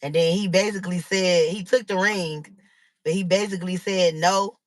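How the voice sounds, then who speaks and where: A woman's voice: fairly low pitch, fairly even intonation, moderate pace, dry recording. Chatty woman hosting a live chat. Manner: chatty, laughing, rambling with many fillers. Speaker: livestream host. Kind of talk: casual chat with viewers.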